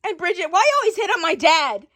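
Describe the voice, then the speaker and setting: A woman's voice: very high-pitched, sing-song, quick pace, fairly bright tone, full character voice. A woman voicing a curious, blunt girl who asks pointed questions. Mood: questioning.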